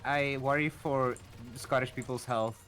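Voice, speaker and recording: A man chatting casually while gaming, joking and halting with fillers. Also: medium pitch, fairly even intonation, a bit bright, soft background music. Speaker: fellow player.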